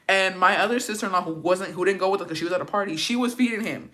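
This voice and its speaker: A woman's voice: mid-range voice, rapid-fire, hardly any pauses. A young woman vlogger telling a family story in casual chat, cursing freely and slipping into Spanish phrases. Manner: profane, animated, switches into Spanish.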